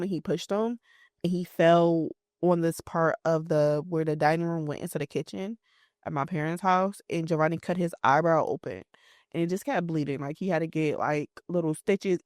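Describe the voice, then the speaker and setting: Woman, thirties, casual chat, animated, acts out voices, dry close mic. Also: sits low, no room sound. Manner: animated storyteller, acts out quotes in lively voices. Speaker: podcast co-host.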